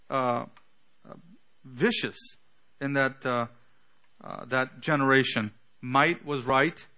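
A man preaching an earnest sermon, teaching with emphatic pauses and the odd filler. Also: medium pitch, pushed and bright. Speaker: pastor.

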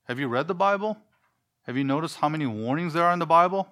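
A man's voice: fairly high pitch, lively intonation, quick pace, bright, forceful tone. A man preaching a sermon in an earnest, emphatic way, full of rhetorical questions.

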